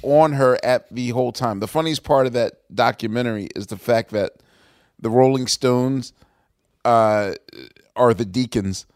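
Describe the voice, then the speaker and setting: A man's voice: medium pitch, a little slow, a little mellow, no echo. Casual American man, dry close sound. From United States. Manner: conversational, hesitant fillers when recalling details. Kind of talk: casual chat.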